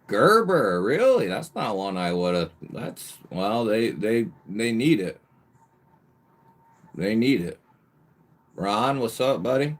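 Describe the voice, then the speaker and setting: A man hosting a casual live stream, greeting viewers by nickname with lively bursts of emphasis and the odd swear word. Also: fairly low pitch, takes it slowly, long pauses. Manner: occasional mild swearing. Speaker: livestream host.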